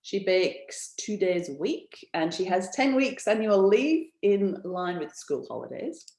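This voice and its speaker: A woman's voice: medium pitch, sing-song, a little slow, darkish tone, reverberant. A woman from Australia presenting a business info session in a chatty, enthusiastic way, with many ums and restarts. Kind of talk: webinar presentation, casual and chatty.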